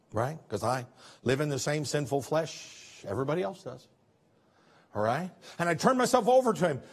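A man preaching a sermon as pastor, folksy and conversational, swinging between emphatic lines and soft, hushed ones. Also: high-pitched. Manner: folksy, conversational, with chuckles and restarts.

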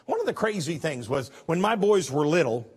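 Preaching in a folksy, conversational style, this male pastor has a voice a bit higher than most men's, husky and a little fast. He shifts from emphatic, driving lines to soft, hushed asides, with big pitch swings and some restarts.

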